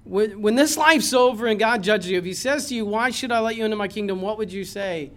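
A man preaching a sermon in a church, impassioned, swinging from loud emphasis to low earnest tones. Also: a little fast. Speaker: pastor.

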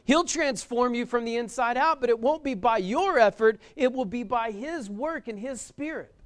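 High, clear-voiced male preacher. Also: moderate pace. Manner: emphatic, repeats key phrases, asks the audience questions. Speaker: pastor. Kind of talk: sermon.

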